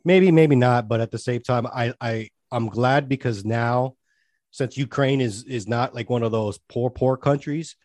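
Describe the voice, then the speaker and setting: A man's voice: mid-range voice, steady tone, unhurried, darkish tone, no echo. A man co-hosting a podcast in a laid-back, casual chat. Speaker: podcast co-host.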